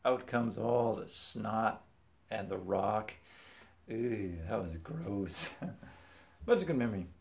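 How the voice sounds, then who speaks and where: A young man casually telling funny stories from his childhood, animated and quick to laugh. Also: on the low side, gravelly. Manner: animated, acts out voices in quotes, laughs often. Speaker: vlogger. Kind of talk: casual storytelling.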